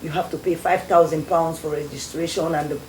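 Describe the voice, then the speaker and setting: Young Sierra Leonean woman, guest, lively storyteller; low warm voice, echoey room. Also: a little fast. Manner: animated storyteller acting out quoted voices. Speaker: guest, former beauty queen. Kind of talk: storytelling interview. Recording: echoey studio with faint noise.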